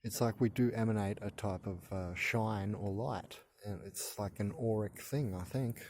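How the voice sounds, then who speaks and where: This thirty-something channel host talks loosely to the camera, his monologue rambling and broken up by stammers and fresh starts. The voice is on the lower side and a bit mellow at a normal speed, and a faint hiss or hum can be heard.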